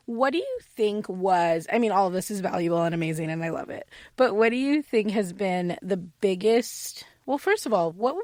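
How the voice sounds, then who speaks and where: A woman's voice: mid-range voice, no echo. A woman hosting a candid podcast, chatty and laughing often, with many restarts. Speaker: podcast host.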